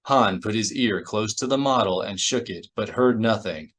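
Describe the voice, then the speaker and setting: A man reading a novel aloud as audiobook narrator, in a steady storytelling manner. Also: on the low side, moderate pace. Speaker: audiobook reader.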